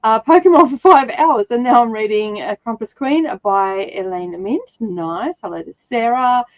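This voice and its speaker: A woman's voice: a little high, animated, moderate pace, dry recording, muffled recording. An Australian woman hosting a casual reading livestream, chatty and laughing often as she greets viewers. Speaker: reading sprint host.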